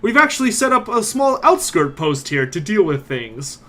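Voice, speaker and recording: A man voicing a gruff, blunt male mercenary captain who commands in a tabletop game. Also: sits high, very animated, moderate pace, bright, forceful tone, voice pushed up, full character voice.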